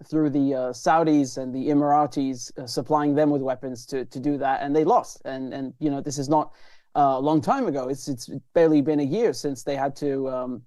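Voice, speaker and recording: A man's voice: mid-range voice, fairly even intonation, normal speed, warm tone, dry recording. A man answering as a guest journalist, speaking earnestly with frequent fillers and restarts. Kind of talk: interview answer.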